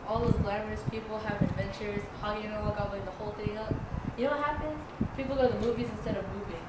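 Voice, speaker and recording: Girl doing a dreamy fed-up young guy, talks quick, far from the mic, echoey. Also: medium pitch, natural voice. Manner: brooding, then bursting out. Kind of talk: amateur stage play reading. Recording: echoey room, far mic, loud hiss.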